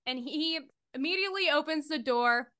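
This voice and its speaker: A bright-voiced woman game master narrates a tabletop horror game, often breaking into giggles. Her voice sits fairly high and rings sharp and clear. She moves between playful teasing and vivid scene-setting. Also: moderate pace. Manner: animated, giggly storytelling.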